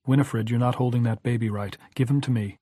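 A man's voice: mid-range voice, steady tone, fairly quick, warm tone, no room sound, clean studio sound, close to an everyday voice. A man voicing a scornful, bossy middle-aged mother.

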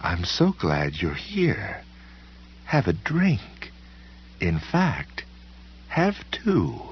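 A man reading an audiobook does a raging, half-changed woman who hisses her threats in breathy whispers and then leaps up into shrill, falsely sweet tones. The voice climbs well above his own deep register. The recording sounds dull and lo-fi. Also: wildly swooping pitch, a little slow, exaggerated voice. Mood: menacing sweetness. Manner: snarling, hissing half-whispers and sudden sweet shrieks. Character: furious woman turning into a creature, snarling and menacing.

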